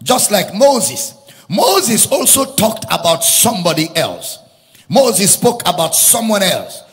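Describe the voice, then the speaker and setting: Male preacher, high and animated, sing-song emphatic sermon in an echoing hall. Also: takes it slowly. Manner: emphatic, repeats lines, rises into sung preaching cadence.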